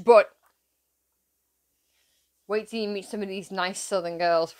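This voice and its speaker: A woman's voice: medium pitch, normal speed, long pauses. A young woman from England hosting a reaction video, chatting casually in a giggly, gushing, rambling way.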